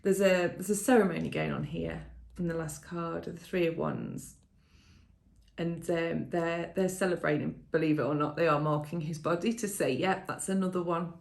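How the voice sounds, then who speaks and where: A woman giving a tarot reading to viewers in a casual, emotional way, often laughing softly and thinking aloud with fillers and restarts. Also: low voice, fairly even intonation, moderate pace, creaky. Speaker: tarot reader.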